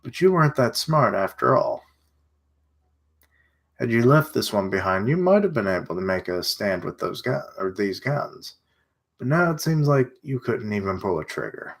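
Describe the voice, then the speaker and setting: A man's voice: medium pitch, sing-song, normal speed. A man reading as a scornful villain soldier. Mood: sneering.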